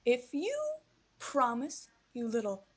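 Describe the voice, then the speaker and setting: A woman acting out a smug, scheming middle-aged male villain from a tabletop game who talks down to everyone and calls them darling. The voice stays high. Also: expressive, takes it slowly, slightly rough, full character voice. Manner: condescending, calls others darling.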